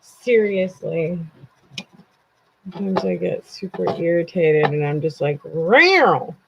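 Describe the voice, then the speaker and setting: Slow, gravelly-voiced blunt woman streamer. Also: fairly low pitch, mellow, dull audio, a little hiss or hum. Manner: blunt, swears freely when irritated. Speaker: true crime livestream host. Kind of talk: casual live-stream chat with viewers. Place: at a computer desk.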